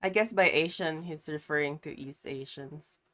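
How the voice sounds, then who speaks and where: A woman's voice: low-pitched, normal speed, fairly bright tone. A woman streamer chatting casually while reacting to a clip, rambling and trailing off. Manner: rambling, many fillers and restarts.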